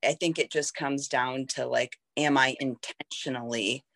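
A woman's voice: extremely low pitch, steady tone, measured pace, a bit bright. A candid woman in her thirties opens up as a guest in a heartfelt conversation. She talks in a reflective, searching way, leaning on "like" as she works through her thoughts. Her tone is frank and unguarded. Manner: reflective, frank, heavy use of "like".

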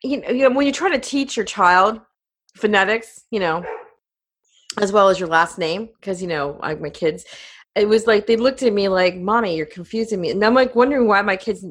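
A woman's voice: medium pitch, normal speed, a bit bright. A middle-aged woman, a podcast host appearing as a guest, chatting in a rambling, talkative way with frequent laughter. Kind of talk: casual interview chat.

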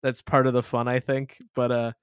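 Male podcast host, smooth clear voice, dry close mic, casual chat. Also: medium pitch, completely flat delivery, moderate pace, dry recording. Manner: hedging, filler-heavy setup talk.

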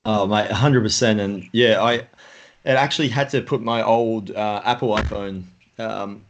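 A middle-aged man hosting a casual podcast chat, his voice sitting a little low. He rambles along, filling gaps with "you know" and loose restarts, on a home podcast microphone. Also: fairly even intonation, normal speed. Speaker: podcast host. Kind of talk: casual conversation.

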